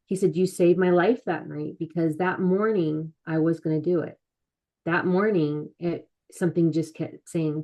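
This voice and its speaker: A middle-aged woman, an author and mental health advocate, is a guest on an interview podcast, candidly telling her own story. Her slightly low voice is soft, with fairly even intonation, and she halts, pauses, and restarts often. She frequently slips into quoting the people around her.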